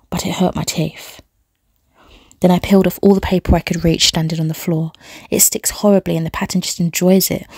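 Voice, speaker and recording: A woman reading an audiobook in a hushed voice that often drops to a whisper. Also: lowish voice, husky, dry recording, clean studio sound. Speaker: audiobook reader. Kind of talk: scripted audiobook narration.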